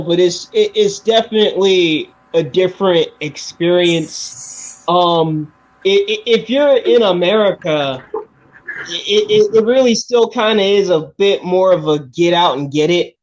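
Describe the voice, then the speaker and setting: A hesitant man, a guest in a casual chat, with a slightly high voice. He restarts his sentences often, and the dull lo-fi sound comes from a remote call. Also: a little slow. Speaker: podcast guest.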